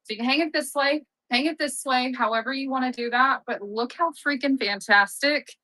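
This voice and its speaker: Bright chatty woman hosting a live sale. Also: sits high, normal speed, no room sound, rough recording. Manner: chatty, laughs often, upbeat and self-joking. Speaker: live-selling stream host. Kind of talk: casual live-sale chat.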